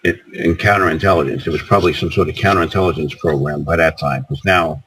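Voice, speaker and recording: A man with a very deep, husky voice. He rambles through his answers, stumbling and restarting his sentences as a guest on a casual call-in talk. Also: fairly even intonation, fast, fairly bright tone, rough recording. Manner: rambling, repeats words and restarts.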